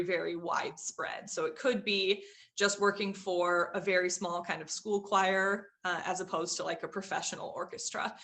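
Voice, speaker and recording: A woman's voice: medium pitch, pushed and bright. A young woman giving a casual vocabulary lesson, chatty, with frequent fillers and hedges. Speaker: teacher.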